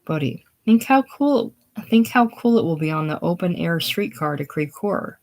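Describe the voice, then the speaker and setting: A woman's voice: lowish voice, expressive, moderate pace, creaky, a little mellow. A woman reading the part of a bossy, fussing older woman in a casual play reading.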